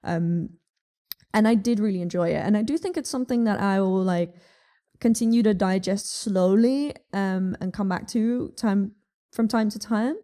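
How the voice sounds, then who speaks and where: A woman's voice: medium pitch, normal speed, dark tone. A young woman with a Dutch accent chatting casually about music, with lots of ums and likes and frequent swearing. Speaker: music vlogger. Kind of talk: casual music review chat.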